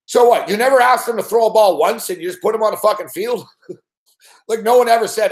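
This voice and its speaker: A man's voice: high-pitched, a little fast, roomy sound. A man ranting and swearing constantly as host of a live sports betting show. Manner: swears constantly, rants in frustrated outbursts. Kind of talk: profane live-stream rant.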